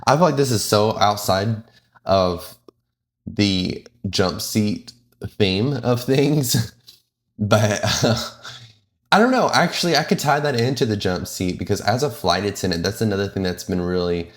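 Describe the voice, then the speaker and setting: A man's voice: lowish voice, a little slow. A man who works as a flight attendant, talking casually and candidly in a vlog, rambling with lots of fillers and self-corrections.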